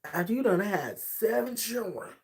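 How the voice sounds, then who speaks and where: Speaking at a normal speed with a gravelly voice, a man chats on his livestream and tells an animated, sassy story. He voices other people's lines as he quotes them, and his pitch swings widely throughout.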